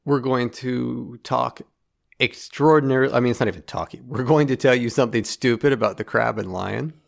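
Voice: mid-range voice, moderate pace, creaky. A podcast co-host in casual chat, with dry, wry humor.

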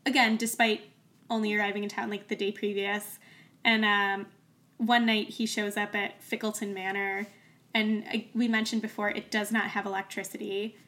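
A woman co-hosting a casual book podcast, jokey and animated, acting out characters as she retells the story. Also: medium pitch, moderate pace. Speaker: podcast co-host. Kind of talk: casual book-review chat.

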